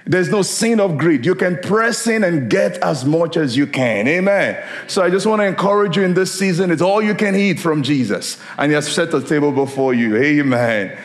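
A man's voice: on the high side, expressive, normal speed, few pauses. A middle-aged man from Nigeria, preaching a sermon as a guest preacher in an upbeat, laughing style with call-and-response.

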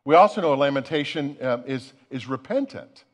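A man's voice: medium pitch, lively intonation, fairly quick. A man preaching a sermon in an earnest way, often repeating the first word of a phrase as he goes. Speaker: pastor.

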